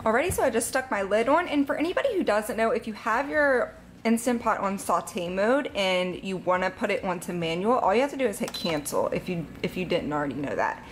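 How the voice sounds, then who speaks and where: A woman's voice: medium pitch, big pitch swings, a little fast, a little hiss or hum. A woman talking viewers through a recipe step by step in her home kitchen, in a casual, chatty way. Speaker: cooking vlogger. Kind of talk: casual cook-along narration.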